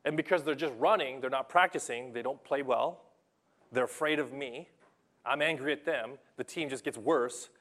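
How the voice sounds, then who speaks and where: A young adult man preaching a sermon in a conversational, animated way, telling stories from his coaching and acting out what people say. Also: mid-range voice, moderate pace. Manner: conversational, animated storytelling with acted-out quotes. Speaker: pastor and basketball coach.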